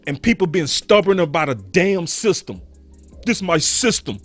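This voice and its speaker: A man's voice: sits high, sing-song, normal speed, soft background music. A man from Dallas hosting a sports talk show, ranting passionately and cursing freely. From Dallas, Texas.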